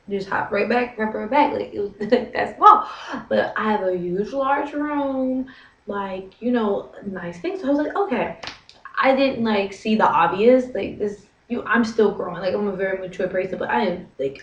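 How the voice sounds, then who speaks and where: A woman's voice: medium pitch, far from the mic, dull audio. A young American woman in her twenties, vlogging casually about her teaching job in a chatty, dramatic way full of fillers. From United States. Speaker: vlogger, English teacher in Korea. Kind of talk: casual talk to camera. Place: small windowless apartment room. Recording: echoey room, away from the mic.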